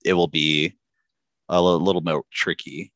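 A man telling a travel story in casual chat, animated and laughing often. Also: deep voice, a little slow, dry recording.

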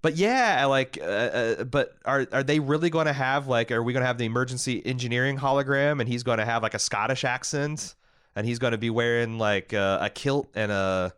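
A man's voice: mid-range voice, a little fast, fairly bright tone, clean tone, no echo, studio quality. A man co-hosting a casual podcast, talking in a rambling, jokey way and swearing casually. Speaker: podcast co-host.

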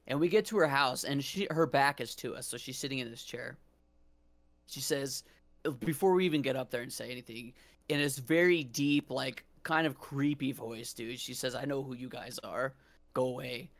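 A young man with a gravelly, fry-laden voice tells a story on his podcast. He talks in a loose, laid-back way, restarting his sentences and saying "dude" all the time. His pitch sits in a middle range. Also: normal speed. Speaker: podcast host. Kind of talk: casual storytelling chat.

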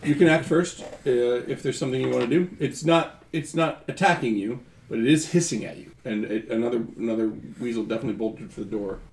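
Gravelly male game master in a roomy space. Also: mid-range voice, a little fast, hardly any pauses, darkish tone, a little hiss or hum. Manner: hesitant, full of fillers. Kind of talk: narrating a tabletop game. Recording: roomy echo.

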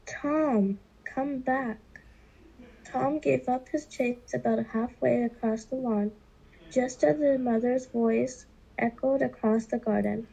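A woman with a gravelly, husky, mellow voice reads a children's novel aloud. She takes it slowly and deliberately and stumbles now and then. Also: fairly high pitch, steady tone, dull audio. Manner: slow, deliberate reading with occasional stumbles. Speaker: reader.

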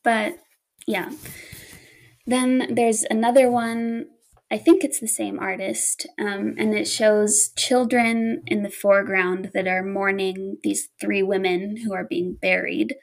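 A woman's voice: mid-range voice, steady tone, takes it slowly, creaky. A woman telling stories in casual chat, laughing often as she talks.

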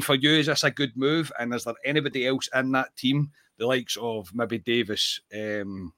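Guy hosting a podcast, lowish voice, keeps clearing his throat, dry sound. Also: bright, forceful tone, no echo. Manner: reads ad copy briskly, apologetic asides. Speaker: podcast host. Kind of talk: casual podcast chat with sponsor read.

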